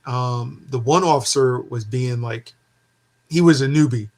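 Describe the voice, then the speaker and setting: A man in casual conversation, telling an animated story and acting out the dialogue. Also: mid-range voice, unhurried. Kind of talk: casual chat.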